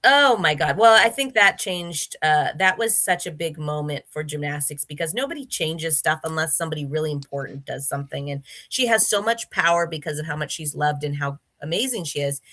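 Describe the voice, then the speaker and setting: A woman's voice: sits low, sharp tone. A woman guest in a casual interview, telling stories in a chatty way with many fillers and restarts. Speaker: interview guest, former gymnast.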